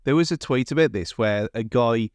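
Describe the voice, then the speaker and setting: A man's voice: medium pitch, normal speed, clear, resonant tone, no room sound, studio quality. Rambling English man on a podcast. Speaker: podcast co-host. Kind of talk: casual chat.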